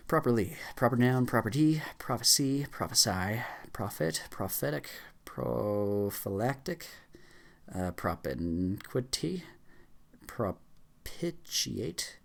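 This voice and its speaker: A man with a fairly low voice reads dictionary entries aloud as fast as he can for a speedrun challenge. He rattles through the words, tripping over a few and starting them again. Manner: rattling off words fast with frequent stumbles and restarts. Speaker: YouTuber. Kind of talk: rapid list reading for a speedrun challenge.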